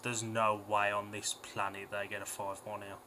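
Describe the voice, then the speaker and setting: A man's voice: on the low side, completely flat delivery, moderate pace, pushed and bright. A man, a young adult co-host, reading race lineups and giving blunt, emphatic opinions in casual banter. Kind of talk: speedway watch-along chat.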